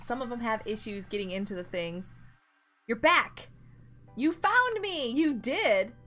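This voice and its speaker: A woman's voice: a little high, animated, a little slow, sharp tone, soft background music. A woman live-streaming a block game, chatting casually and encouraging her friends with lots of giggles.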